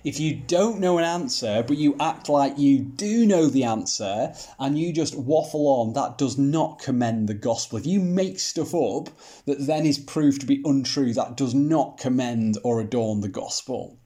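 A man's voice: mid-range voice, unhurried, warm tone. A man giving a Bible teaching talk, asking rhetorical questions and using mildly sarcastic humor.

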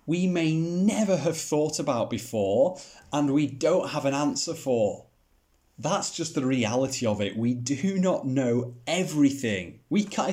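A man's voice: medium pitch, a little mellow. A man giving a Bible teaching talk, asking rhetorical questions and using mildly sarcastic humor.

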